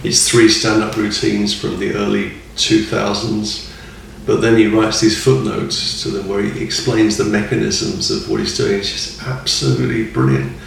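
Gravelly man talking from off mic. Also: fairly low pitch, flat delivery, normal speed, distant mic, a little hiss or hum. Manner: rambling, enthusiastic, chuckles often. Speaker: guest. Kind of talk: casual podcast chat. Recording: echoey room, off mic.

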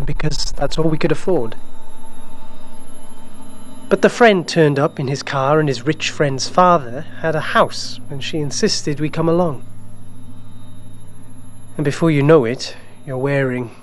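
A man's voice: a little high, a little hiss or hum, low-quality recording. Wry older Englishman telling a story. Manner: wry, digressive, unhurried. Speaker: narrator. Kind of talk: storytelling reading.

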